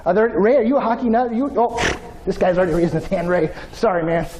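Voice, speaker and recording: A man giving an energetic motivational keynote, telling stories and speaking straight to the audience. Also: sits high, quick pace, a little hiss or hum. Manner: energetic, storytelling, addresses audience directly.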